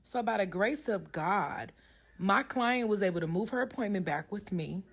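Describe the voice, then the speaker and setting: A woman tells a casual storytime with blunt, profane energy. Her pitch sits in an ordinary middle range, and she keeps the story moving. She works as a hairstylist and talks like it. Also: normal speed. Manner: animated storytelling.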